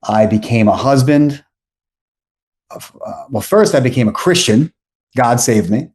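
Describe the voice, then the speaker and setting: Man, forties, podcast guest, rambling storyteller, keeps backtracking, average pitch. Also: a little slow. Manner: rambling, self-correcting, animated anecdotes. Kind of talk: casual storytelling.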